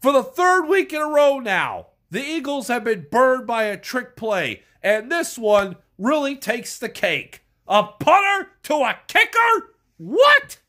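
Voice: medium pitch, big pitch swings, measured pace, hardly any pauses. An irate fan ranting and swearing about their team, sounding stuffed up from a cold. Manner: furious, yelling and swearing. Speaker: sports fan vlogger. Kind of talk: angry profane rant.

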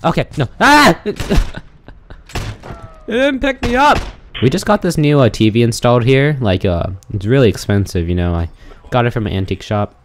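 A young man giving excitable gaming commentary, yelling and swearing a lot as he plays. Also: mid-range voice, normal speed, slight background noise. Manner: excitable, yells and swears often. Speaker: gaming YouTuber. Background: music.

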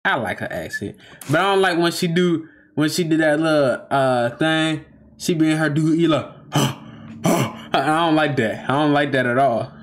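A man's voice: a little high, moderate pace. A man hosting a reaction video, talking casually in slang and often repeating himself as he stops to comment.

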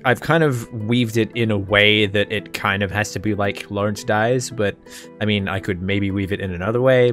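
A man's voice: lowish voice, a bit bright. An Australian man hosting a tabletop game podcast after-show in casual, rambling chat. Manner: rambling, chatty.

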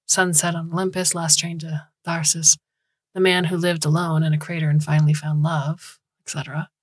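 A woman narrating a science fiction story in a measured audiobook reading. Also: low voice, little pitch movement, husky, no room sound.

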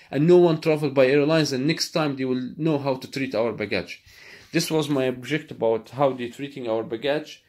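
A man's voice: medium pitch, a little mellow. Angry man ranting in broken English. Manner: angry, repetitive, halting non-native English with profanity. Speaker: vlogger. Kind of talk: ranting to camera.

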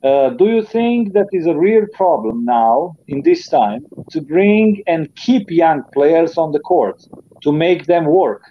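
Brief: male host, Romanian native speaker, halting English, slightly high voice, dull lo-fi audio. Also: animated, a little hiss or hum. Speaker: interview host. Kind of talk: asking interview questions.

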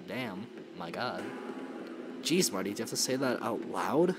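A man's voice: on the low side, big pitch swings, measured pace, background noise. A man giving joking, reactive let's-play commentary as he plays a story game. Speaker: gaming YouTuber.

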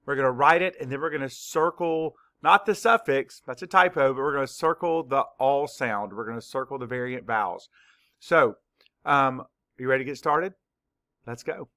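A man teaching a spelling lesson to young children, dictating words slowly and clearly, sound by sound. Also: medium pitch, bright, forceful tone. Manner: slow, clear word-by-word dictation.

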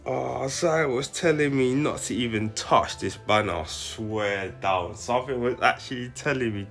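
A young man, giving slang-heavy, excitable commentary straight to his viewers. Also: medium pitch, normal speed, gravelly, few pauses, soft background music. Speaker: gaming channel host. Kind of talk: casual live commentary.

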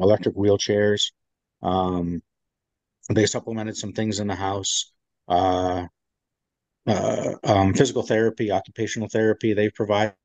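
A man with a lowish voice tells a rambling veteran's story, full of fillers and restarts. The recording is dry and close but dull and lo-fi. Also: darkish tone, dry recording. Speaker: guest, veteran. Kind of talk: casual storytelling in an interview.

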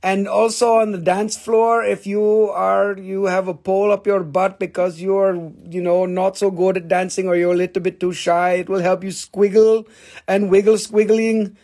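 Man, rock seller on a live stream, high gravelly voice, jokey and profane. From Appalachian Valley, United States. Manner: joking, swearing, rambling and animated. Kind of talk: casual live sales stream.

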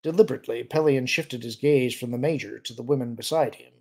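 Gravelly-voiced man reading aloud. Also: medium pitch, fast talker. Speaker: audiobook reader. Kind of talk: fan audiobook narration.

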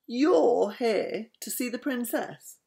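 A stiff male castle guard, played by a woman reading a bedtime story speaks in a formal, dismissive tone. He sounds doubtful of his visitors, and his voice rises and falls in a lively way. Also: on the high side, a little slow, voice pushed up.

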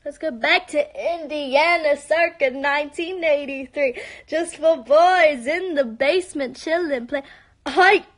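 A woman's voice: high-pitched, a little slow. A young woman with a British accent chatting casually during a live-stream Q&A. She talks bubbly and chatty, often dropping to a whisper for asides, on a phone held at arm's length. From born in Spain, raised in London. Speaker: live-stream host answering fans.

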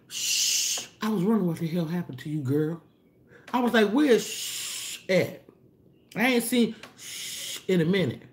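A woman hosting a casual livestream, chatting loosely and reading out viewer comments, her voice jumping up as she greets people. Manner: chatty, reads and answers viewer comments aloud, loose slangy talk; animated, pitch jumps up for greetings. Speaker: livestream host. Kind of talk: casual live-stream chat with viewers.

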